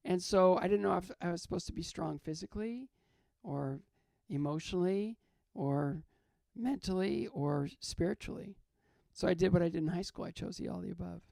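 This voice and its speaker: Gravelly older man, earnest and halting. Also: sits high, mellow, dry recording, studio quality. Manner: earnest, halting, repeats phrases. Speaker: interview guest. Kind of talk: reflective faith talk in an interview.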